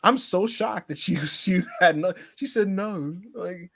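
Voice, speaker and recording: A man co-hosting a casual podcast, excitable and teasing, laughing often as he talks. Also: high voice, unhurried, creaky. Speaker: podcast co-host.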